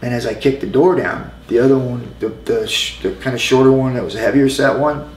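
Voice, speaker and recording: A man's voice: medium pitch, brisk. Male ex-wrestler, rambling casual storyteller, roomy echo. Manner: rambling, restarts, fillers. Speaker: interviewee, former pro wrestler. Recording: echoey room with faint noise.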